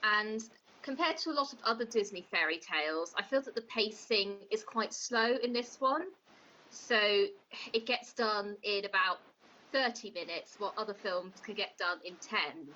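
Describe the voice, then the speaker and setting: A woman co-hosting a comedic podcast as the prosecutor, critiquing a film in an opinionated, sharp-tongued way. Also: mid-range voice, moderate pace, muffled recording, a little hiss or hum.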